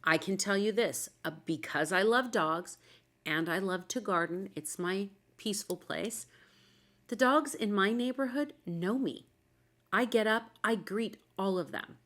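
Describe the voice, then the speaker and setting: A woman's voice: medium pitch, unhurried, a bit bright. A woman hosting a talk show about dogs, chatting casually and telling anecdotes with quoted dialogue. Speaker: podcast host, dog expert.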